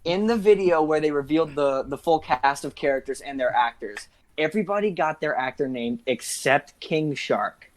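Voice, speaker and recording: A young man co-hosting a casual podcast chat, excitable and swearing, laughing through his stories. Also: fairly high pitch, normal speed. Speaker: podcast co-host.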